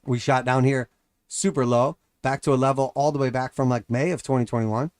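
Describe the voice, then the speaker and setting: A man's voice: medium pitch, steady tone, a little fast, a little mellow, no room sound, clean studio sound. A man giving casual, blunt live market commentary as host, sarcastic, often acting out mocking voices.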